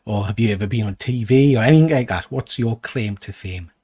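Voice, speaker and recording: A man from the United Kingdom hosting a casual interview over a video call, eager and quick to affirm. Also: fairly low pitch, mellow, slightly rough. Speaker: host.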